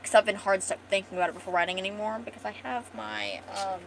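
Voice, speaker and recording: A woman's voice: mid-range voice, fairly even intonation, fast talker, gravelly, slight background noise, low-quality recording. A young woman chatting casually as a comic artist and streamer. She rambles and fills her talk with ums and restarts. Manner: rambling, with many fillers and restarts. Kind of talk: casual chat.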